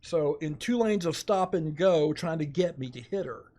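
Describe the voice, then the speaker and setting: A middle-aged man, a podcast guest, telling a story in animated, dramatic fashion with quoted asides. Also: on the high side, moderate pace. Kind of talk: casual storytelling.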